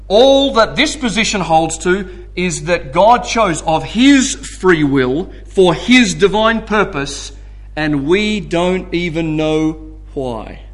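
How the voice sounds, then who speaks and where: A man teaching a sermon in a conversational way, often checking in with the audience. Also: high-pitched. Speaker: preacher teaching a Bible study.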